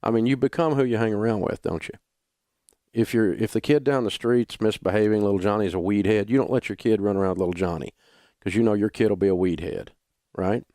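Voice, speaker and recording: An older man with a Southern drawl holds forth on talk radio in a folksy, emphatic way. His voice sits low, and the studio sound is dry and close. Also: a little fast, dark tone, no room sound. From Southern United States. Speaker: radio talk show host.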